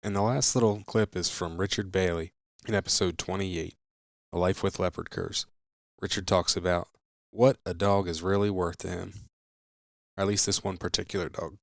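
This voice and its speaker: A male podcast host introduces clips from past episodes in an easygoing way. His voice is low. The recording is dry and close. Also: fairly even intonation, moderate pace, vocal fry, no echo.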